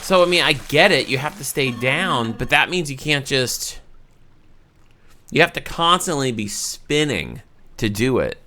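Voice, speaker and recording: A man's voice: medium pitch, big pitch swings, measured pace. A man in his thirties with a Southern US accent, hosting a let's play and commenting on his gameplay, often frustrated and talking straight to viewers. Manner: frustrated, talks to viewers, loud outbursts.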